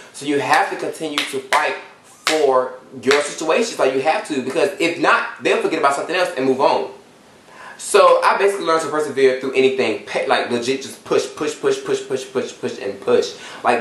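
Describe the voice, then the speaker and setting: A man in his twenties talks straight to his viewers, telling a story. He is animated and swears freely, using slang, at an ordinary middle pitch. The room gives his voice a noticeable echo. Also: far from the mic, slight background noise. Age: 20s. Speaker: YouTuber. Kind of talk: casual storytime vlog. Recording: roomy echo.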